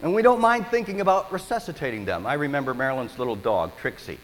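Lively preacher in a big hall. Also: male voice, mid-range voice. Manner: storytelling, animated preaching with dramatic pauses. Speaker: pastor. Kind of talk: sermon.

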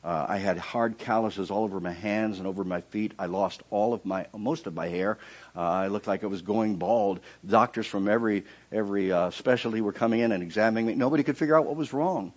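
During a sermon, a man recounts his personal testimony, alternating between quiet, low narration and high, loud outbursts in the prayers he reenacts. His pace is a little fast, and the recording is muffled.

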